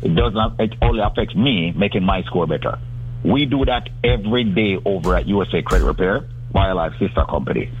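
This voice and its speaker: This is a man making a persuasive, salesman-like pitch on the radio. His voice sits a little low and comes through a tinny phone line, with faint noise in the background. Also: expressive, brisk. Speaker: guest.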